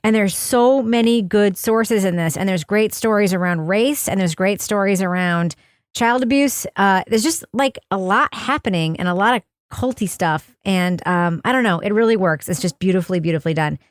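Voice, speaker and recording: A woman hosting a podcast, chatting casually and enthusiastically with quick asides. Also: medium pitch, lively intonation, dry recording, clean studio sound. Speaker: podcast host. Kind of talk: casual podcast chat and outro. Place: home studio.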